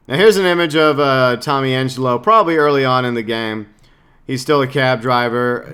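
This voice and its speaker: A man's voice: mid-range voice, sharp tone, clear, resonant tone. A man, a gaming YouTuber, casually breaking down a game trailer with jokes and lots of filler words. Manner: rambling, joking, lots of fillers.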